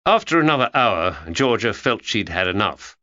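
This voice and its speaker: A man reads an audiobook with expressive storytelling, his pitch moving a lot. His voice is bright and forceful, heard through a dull, lo-fi recording. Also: normal speed, dry recording. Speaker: audiobook narrator. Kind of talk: scripted narration.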